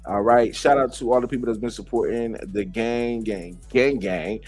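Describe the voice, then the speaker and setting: A man hosting casual celebrity gossip commentary, sassy and profane, jumping to sudden high exclamations. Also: fairly even intonation, normal speed, creaky, darkish tone, faint music behind.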